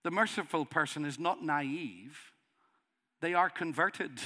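A middle-aged man with a Northern Irish accent preaching a sermon, passionately, building to loud pleading. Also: a little high, slow. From Northern Ireland.

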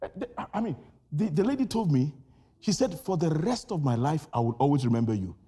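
A Nigerian-born man preaching a sermon, shouting and repeating phrases with rising intensity, telling personal stories in an animated way. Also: fairly high pitch, a little fast, husky.

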